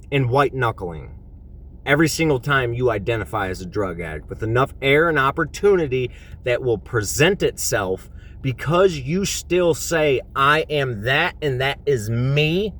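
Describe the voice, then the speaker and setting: A man's voice: mid-range voice, fairly bright tone. A man who drives a truck for a living, giving an impassioned faith talk in an emphatic, repetitive way with casual slang.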